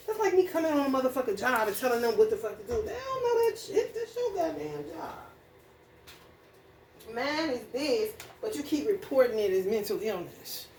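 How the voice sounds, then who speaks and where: A woman's voice: sits high, a little mellow. A woman giving a casual astrology reading that turns into a blunt, heated rant full of profanity. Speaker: astrology reader. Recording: echoey room, distant mic, faint noise.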